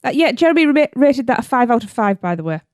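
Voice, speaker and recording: A woman's voice: fairly high pitch, very animated, fast, darkish tone, no room sound, studio quality. A woman co-hosting a podcast in casual chat, giggly and playful, tripping over words. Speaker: podcast co-host.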